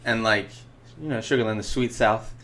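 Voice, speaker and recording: Over a noisy crowd, a young man co-hosting a casual podcast rambles through an anecdote, laughing and cursing frequently. His voice is fairly low with fairly even intonation, and he speaks at a normal speed.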